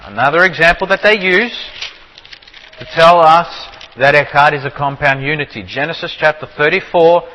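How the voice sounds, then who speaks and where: A man teaching from the Bible, explaining with repeated rhetorical questions and slowing down to stress key words. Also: a little high, pushed and bright, long reverb tail, poor audio. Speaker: preacher.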